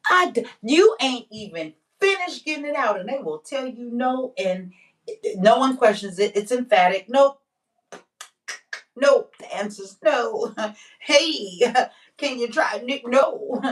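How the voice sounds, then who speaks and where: A woman vlogging in a casual, candid monologue, emphatic and slangy, slowing down to stress her points. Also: mid-range voice, recorded from a distance.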